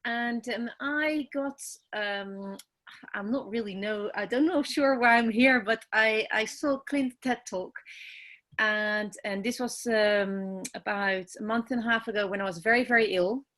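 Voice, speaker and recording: A Dutch woman with a Dutch accent, introducing herself on a video call, soft and hesitant, tearful and emotional. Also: on the high side. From Netherlands. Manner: soft, hesitant, halting with many ums. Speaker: team member on a group call.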